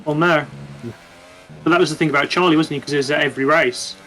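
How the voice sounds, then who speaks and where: A man co-hosting a casual podcast, measured, reasoning his points through aloud. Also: a little high, fairly even intonation, bright, forceful tone, low-quality recording. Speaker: podcast co-host. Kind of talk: casual chat.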